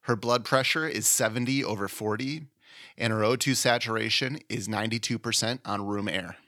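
A man's voice: lowish voice, normal speed, bright, forceful tone. A man hosting a podcast, playfully narrating a mock medical exam case. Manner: playful, teasing, laughs easily. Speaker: podcast host running a mock oral boards case.

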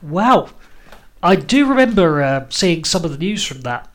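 A man's voice: a little high, sing-song, a little slow, a bit bright. Hesitant man in his forties. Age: 40s. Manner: hesitant, self-deprecating, many ums. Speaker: podcast co-host. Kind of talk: casual chat.

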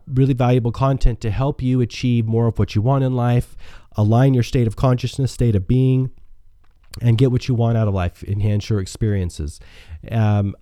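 Scratchy-voiced man, dark and mellow. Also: medium pitch, no room sound, studio quality. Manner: earnest, motivational, with restarts. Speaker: podcast host. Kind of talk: solo self-help podcast talk.

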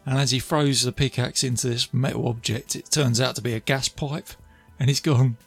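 A man's voice: mid-range voice, fairly even intonation, moderate pace, breathy edge, faint music behind. A man casually retelling a film's scenes, chatty and laughing as he goes. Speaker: film reviewer. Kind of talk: casual film recap.

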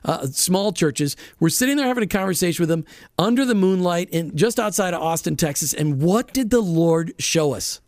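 A man's voice: high-pitched, lively intonation, normal speed, a little mellow, no echo, studio quality. A man hosting a faith-based radio talk show, chatting casually and enthusiastically with frequent restarts. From Florida. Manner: enthusiastic, folksy, restarts often.

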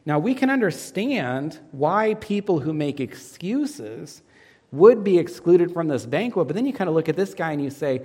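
A man delivers a sermon in a voice a little higher than most men's. He quizzes his congregation with fill-in questions and swings sharply in pitch and loudness. His voice trails off into the long reverb of a large hall. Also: very animated, moderate pace, breathy edge. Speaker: pastor.

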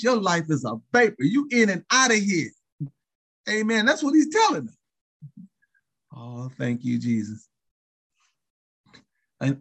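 Husky preacher man, rising and falling. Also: fairly bright tone. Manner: call-and-response preaching with frequent "saints" and "thank you, Jesus"; chuckles between phrases, pitch swings widely. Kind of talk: sermon.

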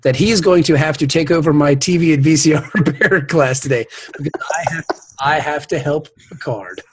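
A man's voice: a little high, brisk, a little hiss or hum. A man hosting a podcast in casual, rambling, profane chat with his co-hosts. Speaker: podcast host.

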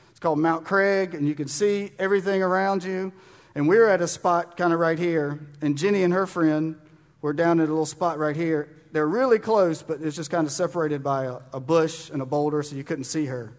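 Male pastor, high voice, fervent and urging sermon delivery, long hall reverb. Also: steady tone, brisk. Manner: fervent, urging, with sudden loud bursts and quiet drops. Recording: long reverb of a large room.

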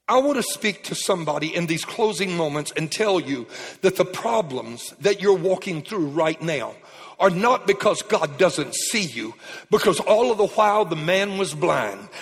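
Pastor preaching in a reverberant church: high, husky male voice, emphatic, rising to shouts. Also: very animated, normal speed. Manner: emphatic, swings from quiet to shouted peaks. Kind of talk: sermon preaching. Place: church sanctuary. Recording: long hall reverb.

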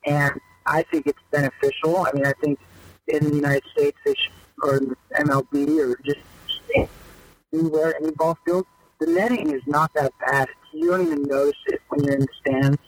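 A man's voice: a little high, moderate pace, no echo, low-quality recording. A man in a casual podcast interview, loosely telling stories of his pro baseball days with many fillers. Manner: loose, animated storyteller with lots of fillers. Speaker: guest, former pro baseball player.

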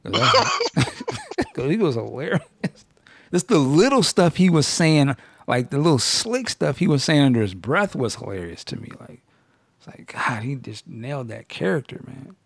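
A man with a gravelly, somewhat high voice hosts a relaxed podcast chat. His pitch swings widely as he laughs and acts out lines, and the sound is dry and close. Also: normal speed, dry recording. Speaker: podcast host. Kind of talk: casual chat reviewing a TV episode.

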